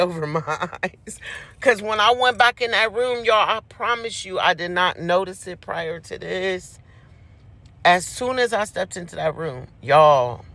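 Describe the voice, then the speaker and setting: Man, high-pitched, casual storyteller addressing listeners directly. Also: bright, forceful tone. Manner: chatty, speaks straight to the audience as "y'all".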